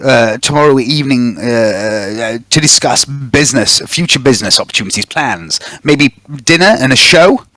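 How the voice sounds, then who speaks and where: A man doing a pompous, self-important gentleman who stumbles and fumbles through his words as if flustered. The voice is dry and close, in a mid register. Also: mid-range voice, expressive, moderate pace, hardly any pauses, no room sound. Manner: pompous, tongue-tied and stumbling.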